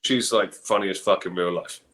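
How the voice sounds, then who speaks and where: Deep-voiced man, relaxed director guest. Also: normal speed. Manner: relaxed, thoughtful, many ums and you-knows. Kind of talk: casual interview chat.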